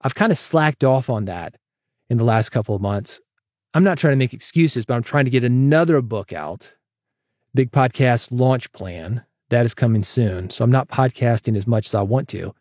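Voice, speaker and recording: A man's voice: mid-range voice, lively intonation, moderate pace, darkish tone, no echo, studio quality. A man hosting his own podcast, talking solo to listeners in a conversational, emphatic way that leans on repetition. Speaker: podcast host.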